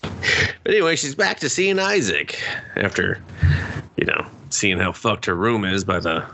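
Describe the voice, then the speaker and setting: A man's voice: lowish voice, big pitch swings, a little slow, creaky, background noise. A man co-hosting a movie review podcast, chatting casually, swearing a lot and joking around. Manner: profane, jokey, acts out characters in funny voices. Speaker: podcast co-host.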